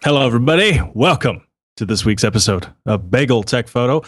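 A man's voice: mid-range voice, animated, brisk, breathy edge, no room sound. A man hosting a podcast in a casual, jokey way, laughing often and padding his speech with fillers. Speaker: podcast host. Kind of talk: casual chat.

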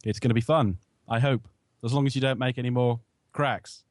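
A man's voice: medium pitch, steady tone, brisk, darkish tone, no echo, studio quality. A man speaking as a regular co-host on a panel podcast, trading easygoing, joking banter. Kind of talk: casual panel chat.

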